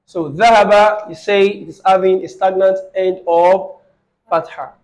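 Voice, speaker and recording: A man teaching an Arabic grammar lesson online, quizzing his student and repeating phrases slowly. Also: high-pitched, fairly even intonation, a little mellow, rough recording.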